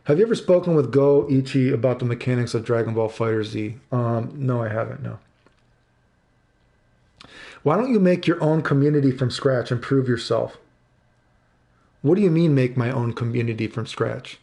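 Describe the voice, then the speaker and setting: A man's voice: medium pitch, moderate pace, gravelly, long pauses, warm tone. A man in his thirties streaming live, ranting angrily and swearing, repeating himself and answering chat. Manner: angry, profane, repeats himself.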